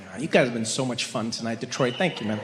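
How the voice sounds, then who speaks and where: A man's voice: mid-range voice, quick pace, in a large hall, very noisy. A man performing stand-up comedy on stage, telling stories in a playful way and acting out voices. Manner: playful storytelling, acts out voices. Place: comedy stage before a live audience.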